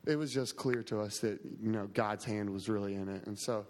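A man's voice: lowish voice, fairly even intonation, a little fast, darkish tone. A man on a church camp staff giving a casual, grateful testimony to a congregation, full of "like" and "um". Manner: casual, grateful, many fillers. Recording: long hall reverb.

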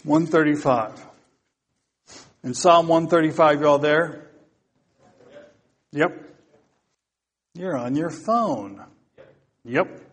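A man's voice: a little high, expressive, very slow, long pauses. A man preaching a topical sermon, talking casually to his congregation and then reading psalms aloud with rising emphasis.

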